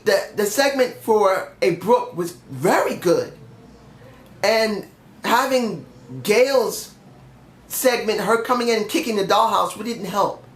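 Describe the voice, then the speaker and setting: Alone and under the weather, a young man bluntly rants about a wrestling show, swearing occasionally in his opinionated review. His voice is high, and the room is echoey.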